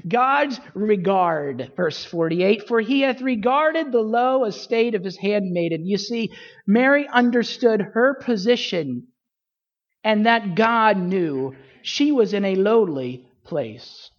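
Slow animated woman preaching a sermon. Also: dull audio. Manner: animated, rhetorical questions, wide pitch swings.

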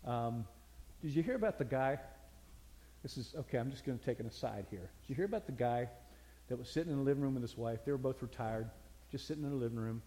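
A man's voice: medium pitch, animated, fast talker, dark tone. Brief: older male pastor, folksy storytelling sermon, echoing hall.

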